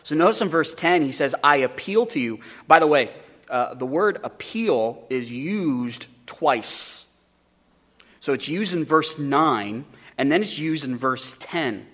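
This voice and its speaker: A man's voice: fairly high pitch, expressive, slow pace, fairly bright tone. A male pastor preaching a sermon in an earnest way, often repeating words as he starts a phrase.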